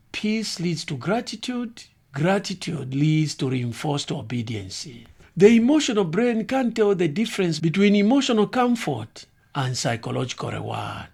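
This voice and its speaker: A man giving scripted critical commentary in a measured, grave, analytical way. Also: a little high, vocal fry, darkish tone, breathy edge.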